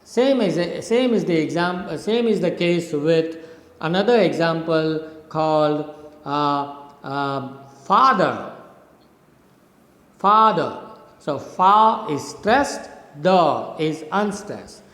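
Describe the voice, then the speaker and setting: In this recorded lecture, a middle-aged Indian man who teaches English literature talks at a very slow, deliberate pace. He repeats words and spells them out for students, his slightly high male voice carried by a long, echoing room reverb.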